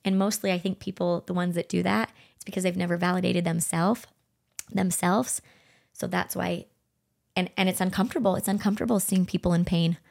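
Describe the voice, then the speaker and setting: A middle-aged woman co-hosting a podcast, speaking gently and earnestly as she reflects on her own experiences. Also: fairly low pitch, fairly even intonation, brisk, gravelly. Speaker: podcast co-host. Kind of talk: heartfelt conversational podcast talk.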